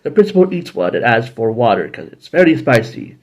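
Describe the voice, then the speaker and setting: A man hosting a casual episode review, rambling and correcting himself, now and then jumping into high acted voices. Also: very animated, a little fast. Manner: rambling, self-correcting, jumps into high-pitched character voices. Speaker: show host reviewing episodes.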